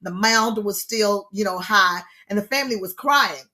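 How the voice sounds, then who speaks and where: A middle-aged woman, leading an online grief session in a lively teaching style, expressive and preacher-like, repeating her key points. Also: medium pitch, moderate pace.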